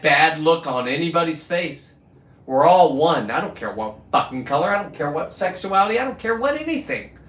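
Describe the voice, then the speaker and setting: A man's voice: a little high, a bit bright. A man hosting his own livestream, ranting in a profane, combative, preachy way into a phone. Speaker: livestream host. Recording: echoey room, distant from the mic.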